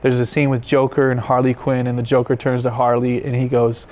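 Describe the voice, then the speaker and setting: Man, interview host, enthusiastic, affirming, mid pitch. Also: monotone, a little fast, a little mellow. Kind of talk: interview conversation.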